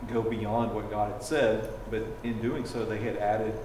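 A man's voice: on the low side, little pitch movement, unhurried. A man in a Bible class, thinking aloud with hedging fillers as he answers. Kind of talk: class discussion. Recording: roomy reverberant classroom, background noise.

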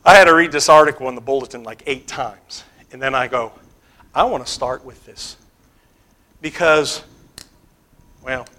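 A man teaching a Bible class like a sermon. He asks the class questions, repeats key phrases, and swings between loud stressed words and quiet asides. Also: a little high, low-quality recording.

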